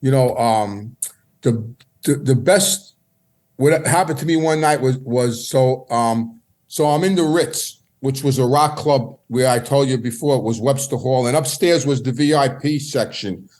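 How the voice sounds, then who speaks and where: Unhurried and mid-range with a darkish tone, a middle-aged man reminisces as a podcast guest. The storytelling is casual and meandering, full of repeated words and restarted sentences.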